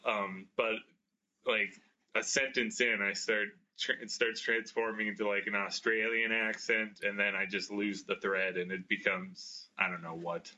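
An American man co-hosting a casual podcast, his voice low but with a very bright, forceful edge. He jokes at his own expense and laughs a lot. The audio sounds dull and lo-fi. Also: level tone, unhurried. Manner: self-deprecating, laughing often. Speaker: podcast co-host. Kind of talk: casual chat.

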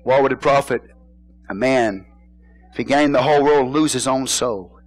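A middle-aged man preaching a sermon as pastor, in a casual folksy way, asking his congregation questions and now and then shouting a point. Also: mid-range voice, moderate pace, low-quality recording. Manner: casual folksy phrasing, bursts into shouted emphasis.

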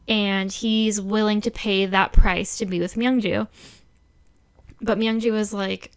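A woman talks through a drama episode in a relaxed chat. Her voice is clear and smooth, and she laughs easily as she rattles off quoted lines from the characters. She's chatty and easygoing. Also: medium pitch, measured pace. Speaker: podcast co-host recapping a drama. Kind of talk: casual chat.

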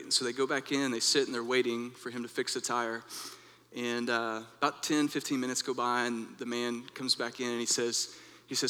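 A young man preaching in a relaxed, earnest way, telling a story like he's chatting with friends. His voice is bright and forward. The room around him rings with a long reverb. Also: medium pitch, moderate pace, clean tone. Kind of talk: devotional talk with personal story.

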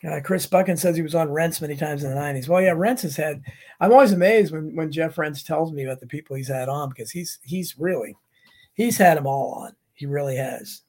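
Man, middle-aged, from the US, husky voice, slightly high pitch, rambling livestream host, casual chat. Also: a little fast, darkish tone. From United States. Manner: rambling, many restarts and asides. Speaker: livestream host reading viewer comments.

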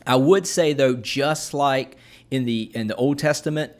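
Guy talking it through casually, lots of ums and restarts, middle pitch. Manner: unhurried, with many fillers and restarts. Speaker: podcast co-host explaining scripture. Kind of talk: casual explanatory chat.

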